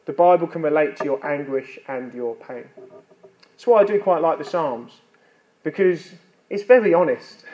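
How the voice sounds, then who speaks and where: A man's voice: fairly high pitch, normal speed, dull audio, a little hiss or hum. A man preaching a sermon in an earnest, conversational way, with light self-deprecating humor.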